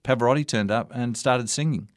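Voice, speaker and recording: In an interview, an older Australian man who works as a radio broadcaster and MC tells anecdotes from his career, warmly spinning stories and quoting dialogue. His voice is mid-range and fairly quick, captured in a dry, clean studio recording.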